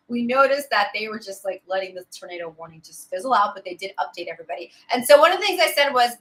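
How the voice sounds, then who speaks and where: High bright woman doing a weather livestream, chatty, greets people, laughs a lot. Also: poor audio. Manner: chatty, laughs often, greets viewers by name. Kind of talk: casual live-stream chat.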